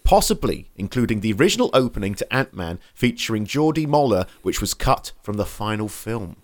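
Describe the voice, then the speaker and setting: A man co-hosting a casual film podcast, reading production notes aloud and chatting in an animated, halting way with frequent laughs. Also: on the low side. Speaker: podcast co-host.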